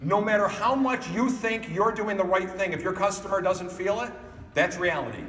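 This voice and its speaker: A man's voice: high-pitched, moderate pace, a little hiss or hum. A man giving a motivational keynote speech at a conference, telling stories and speaking straight to the audience. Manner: animated storytelling, addressing the audience directly. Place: conference hall. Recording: echoey hall picked up from a distance.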